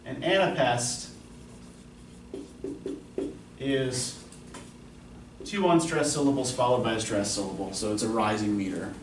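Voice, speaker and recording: A man's voice: mid-range voice, moderate pace. A man teaching a college poetry class, explaining patiently and often asking the students questions. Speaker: college English instructor. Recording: roomy classroom from a distance with faint noise.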